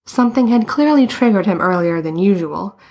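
A woman's voice: mid-range voice, animated, fairly quick, a little mellow. A woman reading a novel aloud as an audiobook narrator. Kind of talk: scripted narration.

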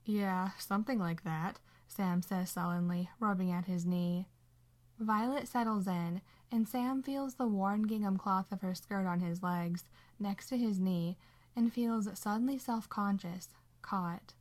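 A woman narrating a story in a calm, unhurried storytelling manner. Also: medium pitch. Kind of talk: audiobook narration of fan fiction.

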